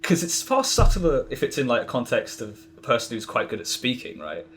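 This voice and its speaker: A man's voice: mid-range voice, very animated, fairly quick, fairly bright tone, slight background noise. A man chatting casually as a podcast guest, rambling with lots of fillers and restarts. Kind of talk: casual interview chat.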